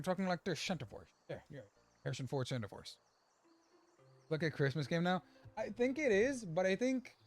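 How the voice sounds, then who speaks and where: A man streaming a video game, chatting casually and excitably with plenty of filler words. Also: fairly high pitch. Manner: excitable, rambling, lots of filler. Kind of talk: casual gameplay commentary.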